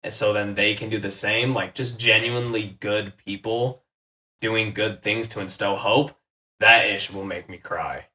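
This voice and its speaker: A man's voice: lowish voice, steady tone, unhurried, pushed and bright. A young man in casual podcast chat, talking earnestly with many fillers. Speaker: podcast co-host. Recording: distant, echoey room mic.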